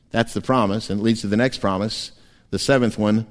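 A man preaching a sermon as pastor, animated and playful, often laughing and slipping into quick voices. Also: on the low side. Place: church sanctuary. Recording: long church hall reverb.

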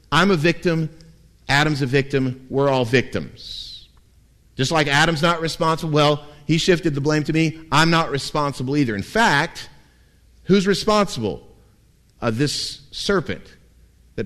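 A man, a pastor, preaching a sermon in an animated way with wry humor. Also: medium pitch.

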